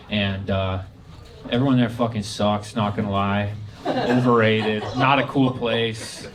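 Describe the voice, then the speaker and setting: A man doing a brash, crude stand-up set on a comedy club stage, telling stories and acting out what people said to him. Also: medium pitch. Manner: brash, crude storytelling with acted-out quotes. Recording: loud crowd laughter in a comedy club.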